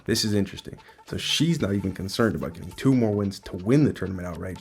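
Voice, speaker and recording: A man's voice: fairly low pitch, a little mellow. A man giving an enthusiastic, speculative casual breakdown of a manga chapter.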